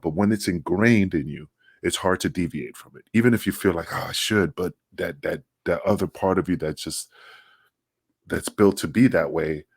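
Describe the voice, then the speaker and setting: A man's voice: sits low, slightly rough, dry recording, clean studio sound. A middle-aged man, a former wrestler co-hosting a podcast, talking bluntly and emphatically in casual conversation, cursing freely and often restarting his sentences.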